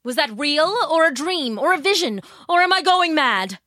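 A woman's voice: sits high, lively intonation, normal speed, pushed and bright, dry recording, studio quality, pitched above the performer's own voice. A woman voicing a greedy, gold-loving male king who sings and muses aloud. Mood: eager. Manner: sings to guitar, then speaks in musing asides. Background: guitar music.

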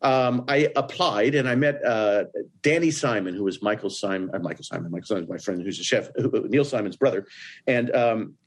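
A man from Indiana, a guest in an interview, telling stories in a lively way and jumping into other people's voices. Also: a little fast. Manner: animated, breaks into voices with big jumps up in pitch. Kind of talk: storytelling in an interview.

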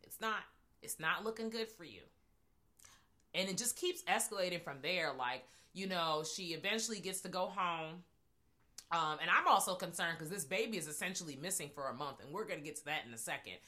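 A woman co-hosting a podcast, recapping a horror movie in casual, profane, animated chat and acting out the scenes. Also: fairly low pitch, brisk. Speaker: podcast co-host.

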